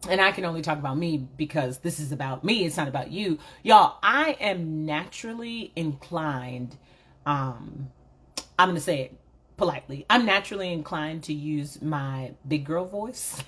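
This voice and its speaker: A woman with a low, husky voice delivers a reflective motivational monologue. She speaks candidly and with emphasis, addressing her viewers directly as if in conversation. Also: lively intonation, moderate pace, a bit bright. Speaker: motivational vlogger.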